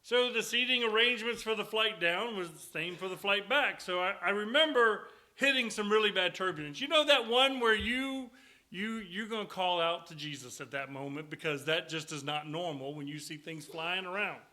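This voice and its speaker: A middle-aged man preaches in a church, his voice bright and fairly high. He tells folksy, joking stories between Scripture readings, talking easily to the congregation. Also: normal speed. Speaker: guest preacher. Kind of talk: sermon with storytelling. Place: church sanctuary.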